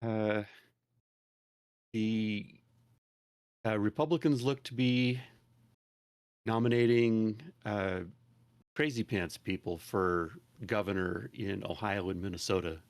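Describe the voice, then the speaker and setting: Guy cohost, kinda low voice, lots of uhs, easygoing hesitant chat. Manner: hesitant, full of uh pauses and restarts. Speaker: podcast co-host. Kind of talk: casual chat.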